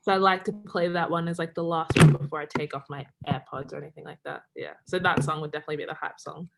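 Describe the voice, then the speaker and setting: A woman's voice: sits low, fairly even intonation, quick pace, creaky, heavy background noise. A young Australian woman, a college basketball player, chatting casually on a video call, full of "like" fillers and laughing often. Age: young adult. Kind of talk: casual remote interview.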